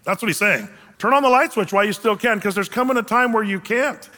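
Bright-voiced preacher in a reverberant hall. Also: male voice, sits high, fast talker. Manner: conversational, animated preaching with casual asides. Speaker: pastor. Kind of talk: sermon. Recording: long reverb of a large hall.

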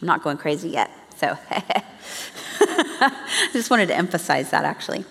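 A woman's voice: deep voice, big pitch swings, unhurried, creaky, fairly bright tone, a little hiss or hum. A woman giving an earnest, chatty church teaching talk to a congregation. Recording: long reverb of a large hall.

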